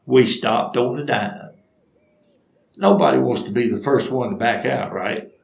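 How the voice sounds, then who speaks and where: Gravelly older storyteller. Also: male voice, medium pitch, animated, measured pace, reverberant. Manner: folksy, acts out voices, laughs at his own stories. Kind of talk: humorous personal storytelling.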